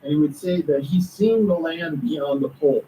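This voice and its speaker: An author appearing as a guest on a conspiracy-talk interview tells his story eagerly, dropping asides like "get this." His mellow, slightly high voice moves at normal speed. The audio is poor, with him sitting far from the mic and a faint hiss running underneath.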